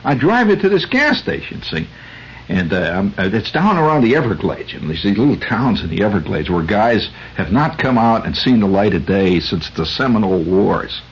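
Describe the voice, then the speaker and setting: A man's voice: on the low side, very animated, moderate pace, breathy edge, lo-fi sound. An American man hosting a radio show, telling a rambling story in a conversational way with many fillers, on a 1970s radio recording. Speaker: radio host. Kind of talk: storytelling monologue.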